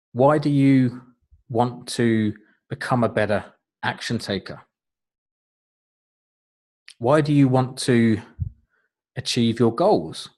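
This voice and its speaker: A man's voice: mid-range voice, a little mellow. Middle-aged guy, life coach doing a webinar, earnest and encouraging, lots of uhs. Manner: earnest, encouraging, with frequent fillers. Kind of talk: webinar presentation.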